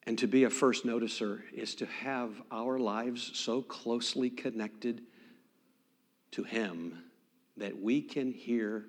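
A man preaching a sermon as pastor, swinging dramatically between loud emphasis and hushed near-whispers. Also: mid-range voice, slow. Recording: long hall reverb.

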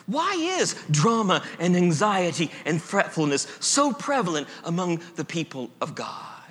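A male pastor preaching a sermon, emphatic, stretching key words with slow pauses and slipping in self-deprecating humor. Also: high voice, pushed and bright. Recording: echoey hall reverb.

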